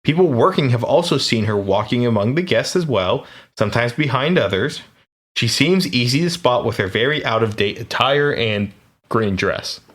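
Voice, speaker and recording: A man's voice: medium pitch, expressive, normal speed, fairly bright tone. An American man co-hosting a podcast, recounting ghost reports in a laid-back, jokey way with hesitant restarts. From United States. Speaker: podcast co-host. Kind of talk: casual chat, reading paranormal research.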